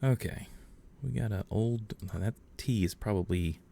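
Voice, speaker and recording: A man's voice: on the low side, normal speed, creaky. A man from Georgia in the US, chatting casually with his chat while playing a game on a livestream. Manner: relaxed, chatty, reads and answers chat. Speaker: livestream gamer.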